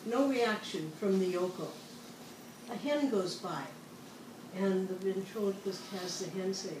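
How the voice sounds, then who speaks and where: A woman reading jokes from a script at a deliberate pace on a show. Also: medium pitch. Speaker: joke-telling co-host. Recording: distant, echoey room with clear noise.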